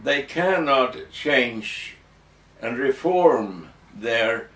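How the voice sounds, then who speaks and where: A man answering interview questions slowly and hesitantly, with frequent ums and restarts. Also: mid-range voice, lively intonation, a bit bright. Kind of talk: halting explanatory interview answers. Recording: echoey room, distant mic, faint noise.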